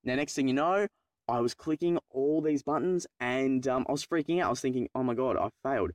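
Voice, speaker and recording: A teenage man telling a funny personal story to his viewers, excitable and swearing freely, dropping into low mutters when he acts out his own panic. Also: fairly quick, no room sound. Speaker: vlogger. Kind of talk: casual storytelling to camera.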